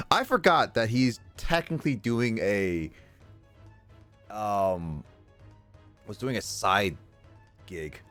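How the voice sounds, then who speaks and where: A man's voice: lowish voice, slow, pauses often, faint music behind. A man streaming a video game, chatting casually and jokingly as he reads the dialogue. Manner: animated, jokey, reads dialogue aloud. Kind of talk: casual gameplay commentary.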